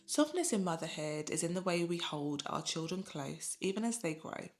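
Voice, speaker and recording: A mother gives a scripted, reflective voice-over about motherhood, speaking in a gentle, unhurried and soothing way. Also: fairly low pitch. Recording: voice-over with music playing underneath.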